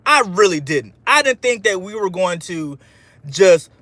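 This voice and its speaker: High-voiced, fired-up man on a livestream. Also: big pitch swings, unhurried, pushed and bright, no echo. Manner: fired-up, trash-talking, rambling; peppers speech with "man". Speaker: sports fan livestream host. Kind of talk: casual live-stream reaction while reading chat.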